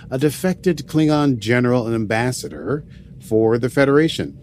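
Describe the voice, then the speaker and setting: A man's voice: mid-range voice, lively intonation, normal speed, a little mellow, faint music behind. Jokey man co-hosting a podcast. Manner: jokey, slips in and out of playful put-on voices. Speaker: podcast co-host. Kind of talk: casual podcast chat and episode recap.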